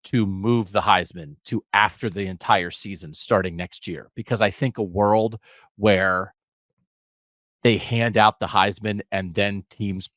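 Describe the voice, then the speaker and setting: A man's voice: on the low side, steady tone, a bit bright, dry recording. A man co-hosting a college football podcast, arguing his points emphatically in casual sports talk. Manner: emphatic, argumentative, rapid asides. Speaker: podcast co-host.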